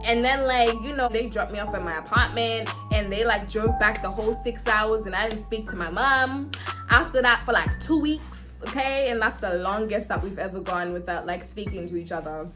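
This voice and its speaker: A woman's voice: mid-range voice, normal speed, over music. A young woman from Africa telling a personal story in a chatty storytime vlog, full of fillers and asides. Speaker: vlogger. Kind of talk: casual storytime.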